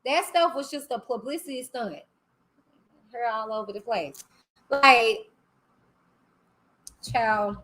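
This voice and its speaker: A woman's voice: a little high, slow pace, long pauses, sharp tone, a little hiss or hum. A woman hosting a live stream, talking bluntly and animatedly in casual commentary. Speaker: livestream host.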